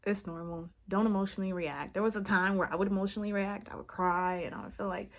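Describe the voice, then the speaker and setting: A woman's voice: mid-range voice, fast talker, few pauses. A woman talking to camera as a manifestation coach, frank and emphatic, swearing freely and checking in with the listener again and again. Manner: emphatic, keeps checking in with "okay?". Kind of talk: impromptu casual vlog talk.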